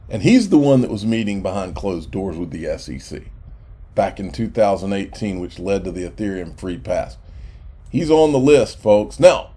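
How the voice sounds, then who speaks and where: A man's voice: mid-range voice, mellow. A man hosting a crypto channel, talking casually and sarcastically to viewers, indignant and often restarting his sentences.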